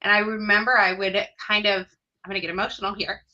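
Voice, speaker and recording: A woman in her thirties, a podcast guest, telling her personal story in an earnest, heartfelt way with hesitant pauses. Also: medium pitch, little pitch movement, bright, forceful tone, highs cut off.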